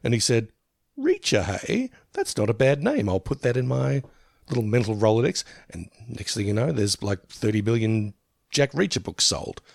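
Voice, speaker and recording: A man's voice: medium pitch, lively intonation, moderate pace, gravelly, a little mellow, dry recording, studio quality. A man in his fifties co-hosting a podcast in casual chat, who laughs often, swears and acts out quotes. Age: 50s. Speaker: podcast co-host.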